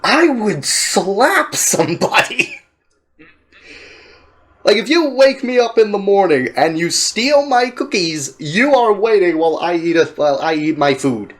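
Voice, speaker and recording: A man's voice: sits high, expressive, normal speed, hardly any pauses. A man hosting a casual reaction chat, laughing often, swearing and sounding exasperated. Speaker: host.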